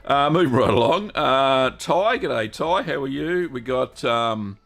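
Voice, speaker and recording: A man with an Australian accent hosting a live stream, greeting viewers one by one in a relaxed, chatty way. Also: mid-range voice, measured pace, gravelly. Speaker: host of a cheese-making livestream. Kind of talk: casual live-stream chat.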